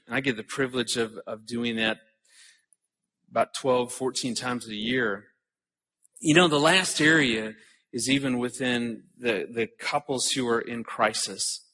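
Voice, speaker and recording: A man's voice: medium pitch, pushed and bright. A middle-aged man speaking earnestly at a conference, often repeating words as he starts a thought. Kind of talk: conference talk to an audience. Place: conference hall stage.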